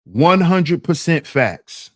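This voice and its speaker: A man's voice: a little high, sing-song, slow pace. A man hosting a commentary channel, talking in a casual, slang-heavy, emphatic way.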